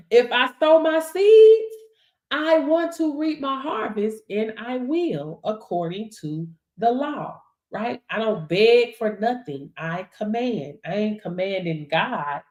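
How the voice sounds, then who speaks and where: A woman preaches to her livestream viewers, emphatic and often laughing. Her voice sits fairly high. The room around her is echoey. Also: a little mellow. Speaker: livestream host and business coach. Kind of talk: motivational livestream talk. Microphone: livestream setup.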